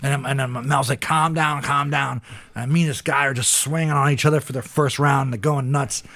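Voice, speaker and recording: A man's voice: mid-range voice, fairly even intonation, fast, fairly bright tone, no room sound. A man in his forties from Pennsylvania, a retired kickboxer, telling rambling, profane stories in a casual podcast interview. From Pennsylvania, USA.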